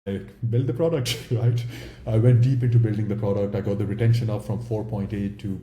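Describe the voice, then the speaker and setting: A man's voice: on the low side, steady tone, fairly quick, mellow, roomy sound, a little hiss or hum. A man with an Indian accent, a startup founder talking candidly and bluntly in a casual interview, with some swearing.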